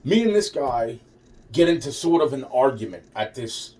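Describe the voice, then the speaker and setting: A man's voice: medium pitch, sing-song, normal speed, a little mellow, distant mic. A man telling a rambling, profane personal story with sarcastic asides.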